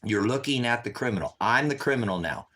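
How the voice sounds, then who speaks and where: A man's voice: medium pitch, animated, quick pace, bright, forceful tone. A man livestreaming to his viewers, talking urgently and repetitively, tired from staying up all night. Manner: urgent and repetitive, constantly addressing viewers as guys. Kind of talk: unscripted livestream talk to viewers.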